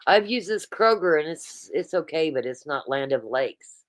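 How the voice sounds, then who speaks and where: A woman's voice: low-pitched, animated, moderate pace. A woman hosting a casual livestream, chatting and reading viewer comments aloud. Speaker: livestream host.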